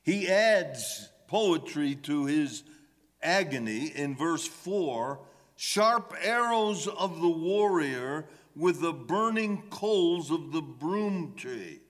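A man preaching slowly and deliberately, his voice sitting a little high. He presses each plea with growing emphasis. The sound rings with the long reverb of a large sanctuary. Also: lively intonation. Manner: emphatic, voicing the psalmist's pleas with rising intensity. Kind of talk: sermon.

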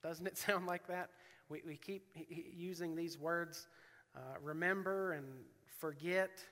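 A man's voice: on the high side, steady tone, a little slow, a bit bright, long reverb tail. A man preaching a sermon, reading scripture aloud with earnest, rising emphasis.

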